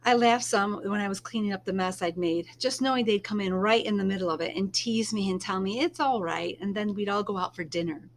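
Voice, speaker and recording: Woman reading a chapter book aloud, gentle and calm, middle pitch, slight hum behind. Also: a little fast, hardly any pauses. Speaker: reader.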